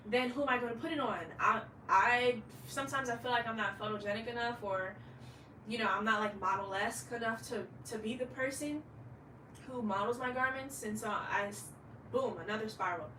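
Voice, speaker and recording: A woman's voice: a little high, fairly quick, pushed and bright, echoey room, distant mic, slight background noise, low-quality recording. A woman in her late twenties, a fashion designer, talking candidly in a rambling vlog monologue and swearing freely. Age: late 20s.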